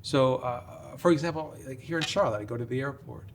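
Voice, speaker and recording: A middle-aged man, a priest, explains things in a measured, careful way, with many small pauses and fillers. His voice sits at an ordinary pitch, and a faint rumble runs under the podcast recording. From upstate New York. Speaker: priest, guest.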